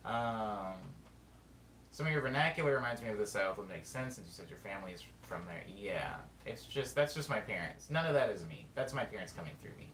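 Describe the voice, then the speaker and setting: A man's voice: fairly low pitch, animated, a bit bright. Rambling Californian man, roomy and distant. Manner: rambling, drawn-out, thinking aloud. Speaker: streamer reading chat. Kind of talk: casual chat. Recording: roomy sound, mic at a distance, faint background noise.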